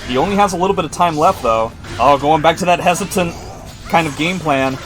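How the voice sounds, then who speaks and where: Excitable male stream commentator. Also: a little high, faint music behind. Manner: excitable, joking, quick to react. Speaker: esports commentator and stream host. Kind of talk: live fighting game commentary.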